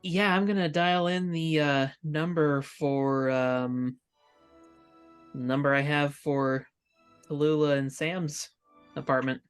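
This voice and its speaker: A woman's voice: deep voice, fairly even intonation, takes it slowly, smooth, faint music behind. A woman playing a tabletop game, speaking casually and thinking aloud. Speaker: player.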